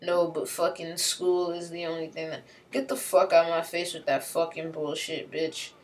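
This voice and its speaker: Heard from a distance, a woman with a lowish voice vents angrily at normal speed, her tone steady. The rant is thick with profanity and slang, and she keeps repeating herself.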